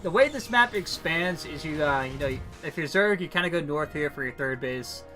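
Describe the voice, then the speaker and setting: Brief: male esports play-by-play caster, playful and teasing, fairly high voice, clear music bed. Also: expressive, moderate pace. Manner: playful, teasing, laughs often.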